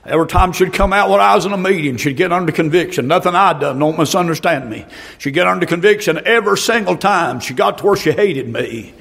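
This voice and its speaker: A middle-aged man preaching a fiery revival sermon, breaking into shouted outbursts between folksy stories. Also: high voice, fast, creaky.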